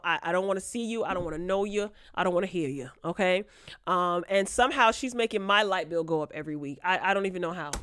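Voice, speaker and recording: A woman's voice: medium pitch, fairly bright tone, no echo, clean studio sound. Sassy, blunt woman reviewing reality TV. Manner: sassy, blunt, playfully shady. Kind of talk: casual opinionated review vlog.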